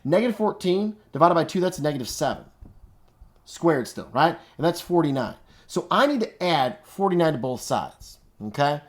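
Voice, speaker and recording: This man's voice is a little high and very animated, at a moderate pace. He gives an upbeat, slang-filled math lesson in a casual classroom way, thinking aloud as he works through each step.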